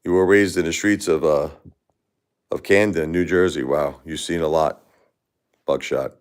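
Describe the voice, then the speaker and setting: A middle-aged man hosting a casual livestream, reading viewer comments aloud. He is grieving and upset, moving between quiet sympathy and loud, angry outbursts. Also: extremely low pitch, steady tone, a little slow. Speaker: livestream host.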